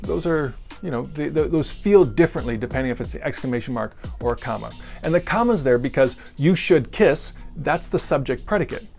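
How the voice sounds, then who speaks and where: A man giving a casual video grammar lesson. He is relaxed and rambling, and jokes with crude humor. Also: medium pitch, fast, gravelly, soft background music. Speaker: grammar teacher.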